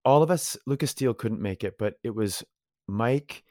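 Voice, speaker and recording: A man's voice: mid-range voice, lively intonation, moderate pace, a little mellow. A male actor as a guest in a casual interview, telling long, effusive, rambling stories.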